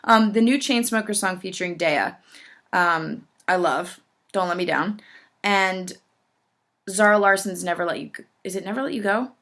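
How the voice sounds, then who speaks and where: A woman's voice: medium pitch, moderate pace, a bit bright. A woman singer answering fan questions in a casual chat, effusive and enthusiastic.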